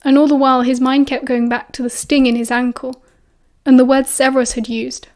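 A woman with a British accent narrating a novel as an audiobook in a steady, expressive storytelling voice. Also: high-pitched, a little fast. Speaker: audiobook reader.

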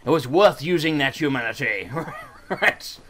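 An English man giving excitable, self-mocking gameplay commentary, swearing and laughing often. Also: mid-range voice, unhurried. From England. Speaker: let's play host.

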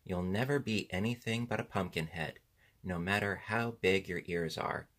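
A man voicing a spirited, quick-tempered young boy, speaking in a raised, emphatic voice. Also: low voice, fairly bright tone. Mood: eager.

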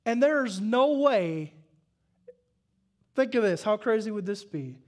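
A Southern pastor with a notably high voice delivers a sermon, chatty and homespun as he tells his stories. He pushes his voice up into loud, fervent exhortation as he drives his points home. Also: lively intonation, slow pace. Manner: folksy storytelling that builds to shouted exhortation. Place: church service.

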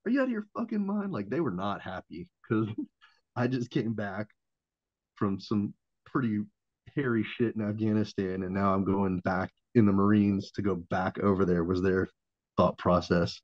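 Brief: man, 30s, low voice, animated swearing storyteller, dull lo-fi dry podcast sound. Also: measured pace, dry recording. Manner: profane, animated, acts out quoted voices, laughs often. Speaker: podcast guest, Marine veteran and former Navy corpsman. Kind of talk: casual storytelling.

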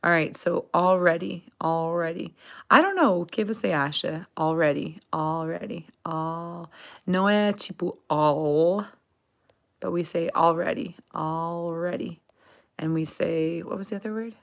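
A woman's voice: on the low side, steady tone, gravelly. A woman teaching English on a casual live stream, reading viewer questions aloud, repeating words for pronunciation, slipping into Portuguese to explain. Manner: laughs often, repeats words slowly for pronunciation.

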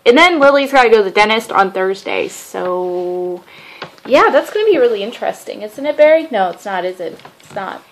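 A woman's voice: medium pitch, expressive, moderate pace, slight background noise. A woman and mother chatting casually to her camera in a rambling, self-mocking daily vlog, talking to a camera set down a short distance away. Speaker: vlogger and mother.

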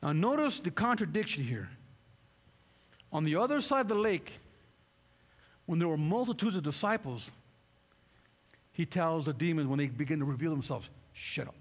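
Man, pastor, high voice, fervent sermon, long hall echo, faint background hiss. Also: big pitch swings, moderate pace, pauses often. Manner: fervent, repeats rhetorical questions.

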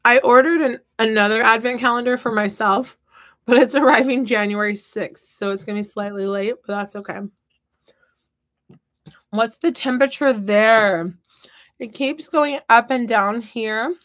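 A woman's voice: on the high side, normal speed, fairly bright tone. A woman hosting a casual craft livestream from her home office, chatting and reading out viewer comments. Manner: playful and upbeat. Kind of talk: casual chat while crafting.

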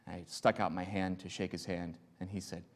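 A man's voice: sits low, level tone, normal speed. A male pastor preaching an earnest, emphatic sermon and telling stories to his congregation in a church sanctuary. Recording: long church hall reverb.

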